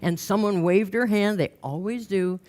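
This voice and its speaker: A woman giving a talk on stage, telling humorous anecdotes with quick asides. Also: medium pitch, darkish tone. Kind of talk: storytelling motivational talk. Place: lecture stage with slides.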